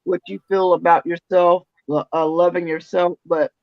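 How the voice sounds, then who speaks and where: A woman's voice: on the low side, steady tone, moderate pace, no echo. A woman co-hosting a podcast in casual chat, talking hesitantly with many fillers. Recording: dry, dull lo-fi sound.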